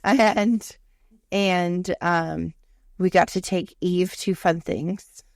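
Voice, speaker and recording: Gravelly-voiced woman, swearing storyteller. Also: on the low side, drawn-out words, no echo, studio quality. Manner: animated, profane storytelling. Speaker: podcast co-host. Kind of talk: casual chat.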